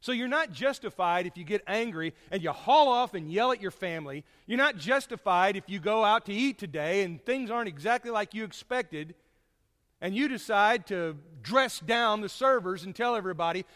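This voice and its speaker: A man preaching a sermon to his congregation, folksy and storytelling, swinging from loud to hushed. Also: high-pitched, animated, moderate pace, long reverb tail.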